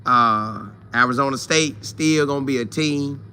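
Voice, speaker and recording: Bright-voiced man hosting a casual fan stream. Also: medium pitch, measured pace, clean tone. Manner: greets viewers by name, repeats phrases for emphasis. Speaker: host of a college football fan show. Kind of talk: casual live-stream chat reading viewer comments.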